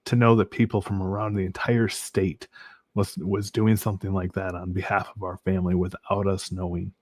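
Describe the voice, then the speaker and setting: A man's voice: low voice, level tone, moderate pace, a little mellow. A man from Michigan, a podcast guest, giving an earnest personal faith testimony with many ums and restarts.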